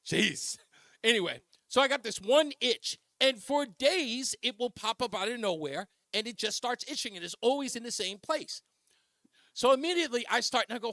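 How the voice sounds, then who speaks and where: A man with a high, bright voice hosts a talk radio show, telling stories with lots of animation and frequent laughter. The sound is dry and close. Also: expressive, brisk, dry recording. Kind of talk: casual talk radio storytelling.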